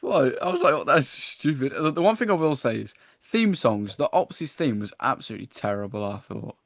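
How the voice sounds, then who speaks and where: A man's voice: mid-range voice, fairly quick, gravelly, no echo, studio quality. Chatty man reviewing wrestling. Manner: chatty, animated when acting out wrestlers, frequent "I was like". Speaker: podcast co-host. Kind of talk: casual wrestling review chat.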